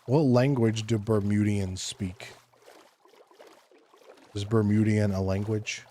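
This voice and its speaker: A man streaming a block-building game, chatting casually with his chat in a laid-back, rambling way and thinking aloud between pauses. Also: on the low side, steady tone, mellow, slight background noise. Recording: faint music underneath.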